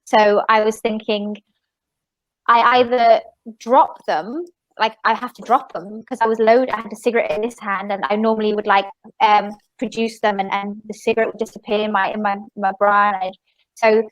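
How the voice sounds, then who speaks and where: Casual woman magician telling a story, lots of um and like, fairly high pitched. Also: no room sound, rough recording. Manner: rambling, animated, many fillers and restarts. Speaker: magician, podcast guest.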